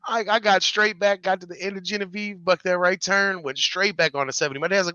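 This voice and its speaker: Profane, laughing man with a bright voice. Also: high-pitched, quick pace, few pauses, no room sound, muffled recording. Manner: animated, profane, laughs through stories. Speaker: podcast co-host. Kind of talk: casual storytelling chat.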